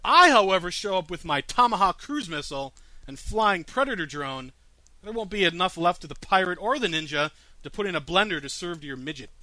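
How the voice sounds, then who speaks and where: Bright-voiced boastful male host. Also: high-pitched, lively intonation, fairly quick, slight background noise. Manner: boastful, sarcastic, crude. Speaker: radio show host. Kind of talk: comic radio question segment.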